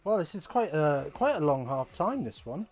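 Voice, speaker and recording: A man's voice: on the high side, sing-song, normal speed, a little mellow, faint music behind. Chatty man hosting a watch-along. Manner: chatty, rambling, wry asides. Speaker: host of a live rugby watch-along. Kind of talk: casual live watch-along commentary. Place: at home.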